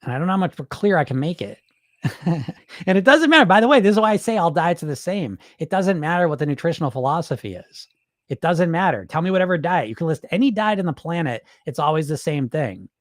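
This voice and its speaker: A man's voice: fairly high pitch, sing-song, quick pace, dry recording, studio quality. A man coaching dieters in a live-stream talk, blunt, profane and mocking as he acts out their excuses. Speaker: weight loss coach.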